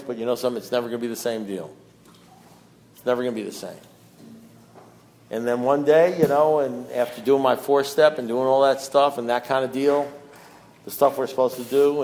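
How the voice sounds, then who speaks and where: Middle-aged man giving recovery testimony. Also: slight background noise. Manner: conversational, fillers like "you know" and "deal", mimics voices; swings between low hushed moments and loud raised outbursts. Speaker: recovering alcoholic sharing at a meeting. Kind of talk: twelve-step testimony.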